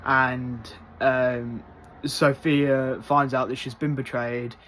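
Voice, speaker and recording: Man, casual review, rambling with fillers, mid-pitched voice, faint hiss behind. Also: slow pace. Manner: rambling, many fillers, gets loudly excited.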